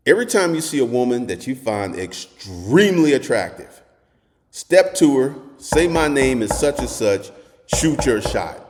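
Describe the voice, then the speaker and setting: A man hosting a dating advice monologue, talking bluntly and crudely, telling stories with animation and at times shouting. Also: mid-range voice, big pitch swings, measured pace, long reverb tail.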